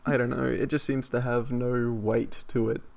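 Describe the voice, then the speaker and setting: Male podcast host, a bit drunk on wine, gravel in the voice, crude and rambling. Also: medium pitch, flat delivery, moderate pace, a little mellow. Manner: crude, giggly, rambling with fillers. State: tipsy from wine. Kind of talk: late-night casual podcast chat.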